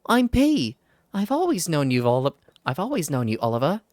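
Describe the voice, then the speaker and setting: A man's voice: huge pitch swings, normal speed, a little mellow. A man doing a chirpy mysterious little girl. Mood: gentle. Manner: chirpy, high, bubbly. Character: mysterious small girl, eager and sweet.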